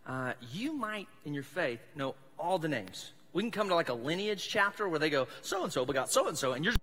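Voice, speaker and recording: A man's voice: fairly high pitch, big pitch swings, moderate pace, bright, forceful tone. A man from South Mississippi with a Southern accent, preaching a casual, joking sermon as a pastor in a church. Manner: chatty, self-deprecating, joking. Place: church sanctuary. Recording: long hall reverb in church.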